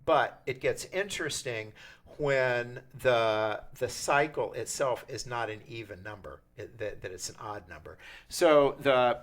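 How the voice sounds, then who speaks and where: An older man runs a lively percussion workshop, explaining rhythm ideas in a loose, chatty way. He stops and restarts his sentences often, with plenty of fillers between thoughts. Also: mid-range voice, moderate pace, a little hiss or hum. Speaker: percussion teacher. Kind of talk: interactive music workshop.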